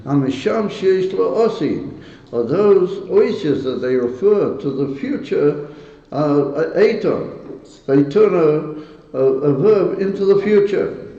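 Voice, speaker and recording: High-voiced rabbi in an echoey hall. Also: male voice, mellow. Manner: earnest, quizzes listeners, laughs between points; stirred and emotional about the topic. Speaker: rabbi leading a Hasidic gathering. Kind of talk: informal teaching talk to a gathering. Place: synagogue hall. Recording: echoey hall, dull lo-fi sound.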